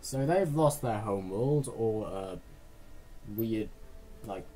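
A man's voice: on the low side, expressive, slow, warm tone, soft background music. A man giving casual, rambling gameplay commentary, muttering asides to himself as he plays. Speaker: let's play gamer.

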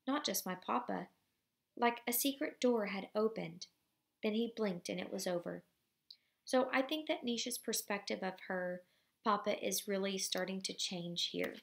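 A woman reading a novel aloud with commentary. She reads in a steady storybook manner, with casual asides. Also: mid-range voice, gravelly.

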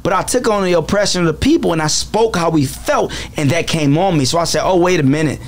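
Actor-comedian guy on an interview, kinda high voice, dramatic and animated storytelling. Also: fast talker. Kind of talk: casual interview talk.

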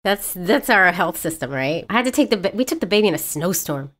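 A woman co-hosting a podcast in casual chat, chiming in with quick reactions. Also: on the low side, expressive, fairly bright tone. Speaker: podcast co-host.

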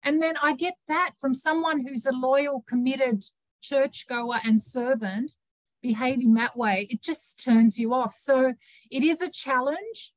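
A woman's voice: sits high, measured pace, no echo. A woman in a Bible study group, earnestly recounting a personal experience. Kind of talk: casual group discussion.

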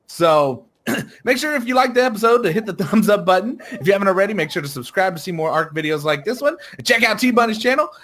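A young man casually commenting on a video game he plays with a friend, goofy and quick to laugh. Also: high-pitched, lively intonation, fairly bright tone. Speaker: gaming YouTuber.

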